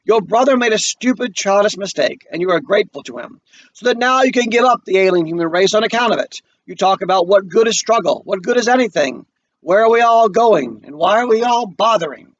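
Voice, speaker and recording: A man's voice: high voice, lively intonation, a little fast, muffled recording. Man reading as impassioned young woman student. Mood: scornful.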